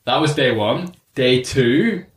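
A man hosting a podcast, chatting casually and telling lively stories with frequent laughter, recorded in a sauna. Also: mid-range voice, slow pace. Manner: animated storyteller, laughs often. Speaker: podcast host. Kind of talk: casual chat. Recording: echoey sauna room.

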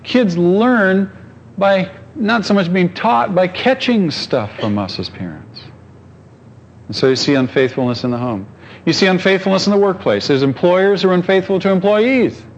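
A man's voice: high-pitched, expressive, normal speed, muffled recording. A pastor preaching a conversational sermon, asking his congregation questions and telling stories.

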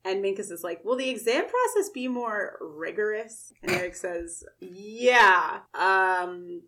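Woman co-host, casual recap chat, animated, quotes lines in her own voice, laughs a lot. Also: mid-range voice, slow pace, few pauses. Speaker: podcast co-host.

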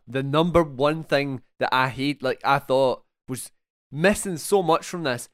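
A young man co-hosting a casual film podcast, animated and swearing freely. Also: mid-range voice, no echo, clean studio sound. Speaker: podcast co-host.

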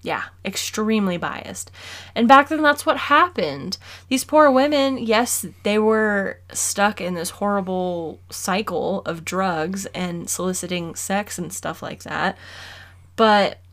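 A woman's voice: medium pitch, slow, a bit bright. Woman on a true crime podcast, earnest, stresses her points hard. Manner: earnest, emphatic commentary. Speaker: podcast co-host. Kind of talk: casual true-crime chat.

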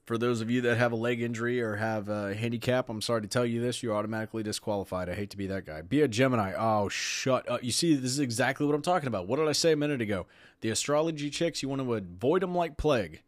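A man's voice: mid-range voice, fast, no echo, studio quality. A man hosting a podcast, talking casually and sarcastically, often laughing while he reads aloud. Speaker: podcast host.

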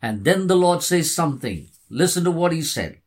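A man's voice: fairly high pitch, very animated, normal speed. A man preaching a sermon, earnest and emphatic, repeating key words. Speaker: pastor.

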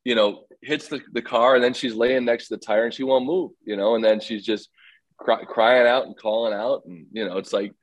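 A man's voice: medium pitch, fairly even intonation, normal speed, no echo, poor audio. Emphatic American man, dry sound. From United States. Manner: emphatic, repeats himself. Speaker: guest businessman. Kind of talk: casual conversation.

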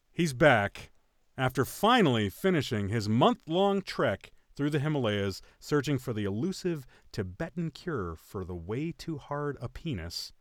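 Jokey podcast host man, lively voice. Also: medium pitch, no room sound, studio quality. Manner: jokey, laughs often, theatrical intro delivery. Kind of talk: casual podcast banter.

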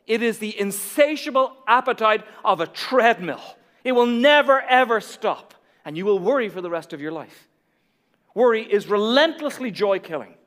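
A man preaching a sermon, emphatic and repetitive, swinging from hushed to loud. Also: sits high, big pitch swings, moderate pace. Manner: emphatic, repeats key lines, drops to near whisper then builds. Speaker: pastor. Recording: long reverb of a large hall.

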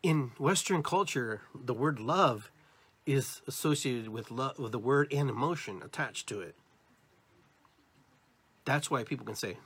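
An American man speaks to his listeners in a spiritual podcast monologue. His voice has a slightly husky edge. He talks with animated, expressive inflections, and his pitch moves widely. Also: moderate pace. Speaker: podcast host.

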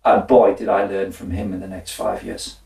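Gravelly man, lively storyteller. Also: low voice, moderate pace. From Wales. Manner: animated, laughing, acts out his own side of dialogue. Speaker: guest, former footballer and minister. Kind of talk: conversational storytelling. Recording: echoey room, distant mic.

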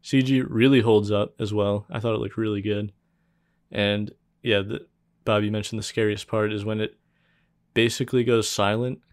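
A man co-hosting a casual podcast, recapping a film in a laid-back, even-toned way. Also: lowish voice, normal speed, no room sound, studio quality. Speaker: podcast co-host.

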